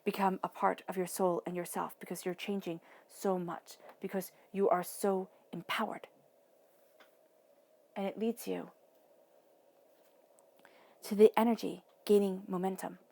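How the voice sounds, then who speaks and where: Gravelly, mellow-voiced tarot reader. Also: female voice, medium pitch, little pitch movement, normal speed, long pauses. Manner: soothing, drifts into soft whispers for emphasis; playful asides, acts out voices in quotes. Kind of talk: intuitive tarot reading monologue.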